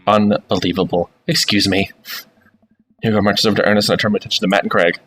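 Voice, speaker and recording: A man's voice: on the low side, fairly even intonation, racing, a bit bright, poor audio. A young man streaming a video game, reading its text aloud, giggling and swearing casually.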